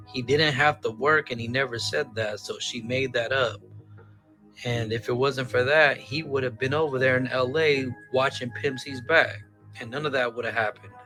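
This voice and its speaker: A man with a bright, forceful voice talks casually, turning each point into a puzzled question. Faint music plays under him. His pitch sits in the ordinary middle for a man. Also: poor audio. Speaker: commentator in a played clip. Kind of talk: casual commentary.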